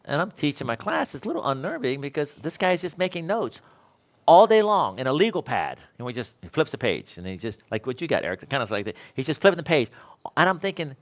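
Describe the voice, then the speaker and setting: A middle-aged electrical instructor with a slightly high voice speaks quickly, his pitch swinging widely. He tells his class an anecdote mid-lecture, acting out both sides of the conversation.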